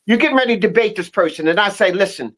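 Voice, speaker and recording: A man's voice: high voice, animated, fast talker, fairly bright tone. An emphatic man talks casually as a guest, building his points through repetition. He likes to drift into proverbs and folk stories to make his case. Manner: emphatic, proverb-telling, repeats himself. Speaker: teacher and guest. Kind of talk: casual storytelling chat.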